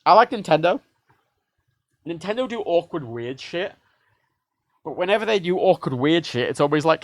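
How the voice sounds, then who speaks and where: Animated, swearing man ranting. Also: fairly high pitch, moderate pace, pauses often, no room sound. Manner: animated, heavily profane, mimics devices in quoted voices. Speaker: livestreamer. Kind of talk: casual ranting monologue.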